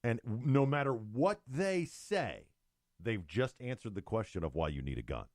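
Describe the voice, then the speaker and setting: Animated, sarcastic male talk show co-host. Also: fairly low pitch, a little slow, no room sound, clean studio sound. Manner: animated, mocking, reads news aloud with sarcastic asides. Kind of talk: opinionated talk show chat.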